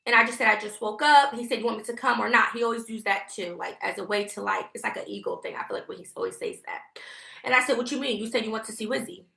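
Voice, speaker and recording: A woman's voice: on the high side, fast, vocal fry, sharp tone. A woman venting to her viewers in a casual storytime vlog, talking in an emphatic, heated and profane way. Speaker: vlogger. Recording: echoey room.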